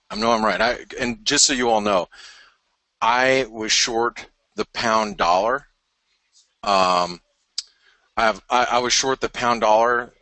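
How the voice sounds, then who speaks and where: A man's voice: on the low side, sharp tone, dry recording. A man hosting a live trading webinar, talking through charts in a rambling, frank way, often stopping and restarting mid-thought. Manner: rambling, self-interrupting, frank.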